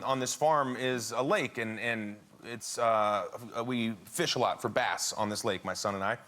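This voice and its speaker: A man as a chat show guest, telling a family anecdote with lots of laughter. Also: medium pitch. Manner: laughing storyteller, animated. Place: TV studio with audience. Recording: studio audience laughter and noise.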